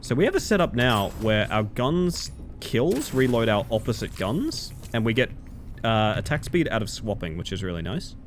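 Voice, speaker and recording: A man streaming a game from home and chatting casually in a rambling, animated way. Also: mid-range voice, moderate pace, slight background noise. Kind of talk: casual chat while gaming.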